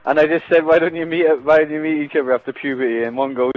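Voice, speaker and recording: A man's voice: a little high, level tone, fast talker, hardly any pauses, no room sound, faint music behind, rough recording. A young man on a gaming headset, chatting casually and mocking others with sarcastic, swear-heavy banter. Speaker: gaming vlogger. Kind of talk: casual party chat.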